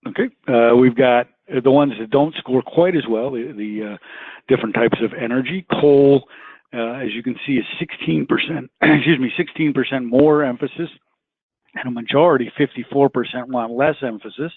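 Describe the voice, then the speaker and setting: A man presenting survey results in a webinar, halting often with filler sounds. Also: mid-range voice, husky, no echo. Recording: tinny phone-line audio, dry.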